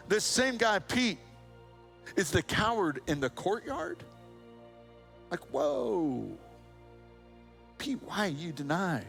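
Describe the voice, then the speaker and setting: A man's voice: a little high, gravelly. A man preaching a sermon as pastor, telling a Bible story with humorous asides and acted-out voices. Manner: animated storytelling, acts out voices and a rooster crow.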